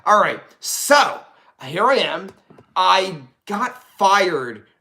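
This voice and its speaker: A man's voice: high-pitched, drawn-out words, gravelly. A man, around his forties, from Pennsylvania, guesting on a podcast and telling a story casually, full of swearing and laughter. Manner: profane, animated, laughing storyteller.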